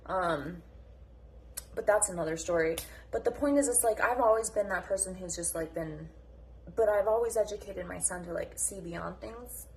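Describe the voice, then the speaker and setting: A woman's voice: medium pitch, moderate pace, darkish tone, a little hiss or hum. A woman delivering a passionate, unscripted morning rant as a mom vlogger. She is blunt, combative and full of swearing, and she jumps from topic to topic.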